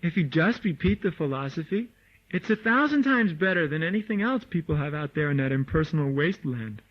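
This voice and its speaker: A man giving a lively, informal lecture to devotees, mimicking people and laughing as he talks, recorded on an old tape. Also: on the high side, brisk. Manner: animated, mimics voices, laughs often. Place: meditation hall or farmhouse room. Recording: dull lo-fi 1979 tape recording.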